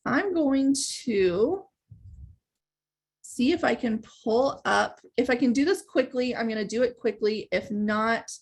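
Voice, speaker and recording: A woman hosting a live training webinar, explaining step by step in a conversational way. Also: on the high side. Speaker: webinar host and sales trainer.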